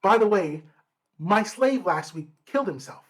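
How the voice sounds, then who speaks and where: A man voicing a cold, smug male villain while retelling a dream, in a slow, matter-of-fact tone. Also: high voice, expressive, a bit bright. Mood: coldly calm. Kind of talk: retelling a dream, quoting a character.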